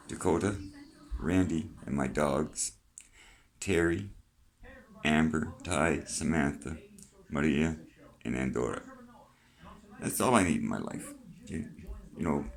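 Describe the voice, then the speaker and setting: A man's voice: a bass voice, vocal fry. An older man with a Canadian accent, talking freely in a rambling vlog monologue, chatty and plain-spoken, swearing now and then. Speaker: vlogger.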